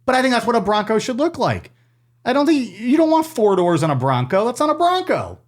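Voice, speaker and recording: Male podcast co-host, lively pitch, joking and emphatic, swears freely. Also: a little fast. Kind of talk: casual banter.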